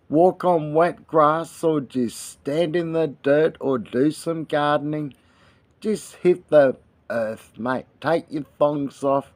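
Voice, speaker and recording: An Australian man with a raised, fairly high voice speaks to his viewers in a relaxed, slang-filled way. He drags out every phrase at a very slow, unhurried pace. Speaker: vlogger. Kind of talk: casual address to viewers.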